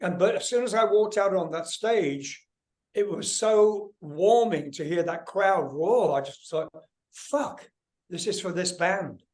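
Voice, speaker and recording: Older male guest, high-ish voice, lively storyteller, swears a lot. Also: a little slow. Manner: animated, swears freely, acts out voices in anecdotes. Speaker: guest musician. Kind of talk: casual storytelling interview.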